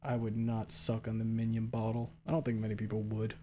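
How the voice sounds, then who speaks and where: A man's voice: brisk, slight background noise. Rambling young man streamer, joking around. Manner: jokey and rambling, swings between loud excited bursts and low mumbled asides. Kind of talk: casual chat reading out viewer messages.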